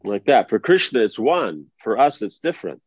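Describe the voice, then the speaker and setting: A man's voice: fairly low pitch, sing-song, moderate pace, darkish tone, husky, no echo. A man giving an informal spiritual discourse in a conversational way, often checking that his listeners follow him. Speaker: spiritual teacher. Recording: dry, slightly dull lo-fi recording.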